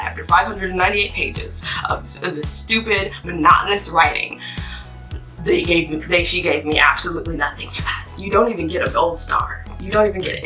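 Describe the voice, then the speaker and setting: A woman giving a ranting book review on her channel, exasperated and animated, with casual slang. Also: on the low side, recorded from a distance, rough recording.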